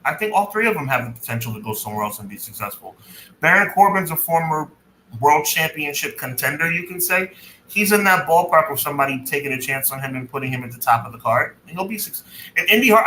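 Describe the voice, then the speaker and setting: A man's voice: a little high, pushed and bright. A man co-hosting a casual podcast, agreeable, thinking aloud and repeating words as he goes. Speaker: podcast co-host. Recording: echoey room with faint noise.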